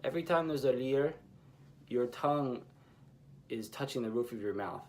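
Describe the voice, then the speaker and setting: A man teaching a language lesson, explaining pronunciation in a measured, patient way with pauses between phrases. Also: mid-range voice, a little mellow, a little hiss or hum.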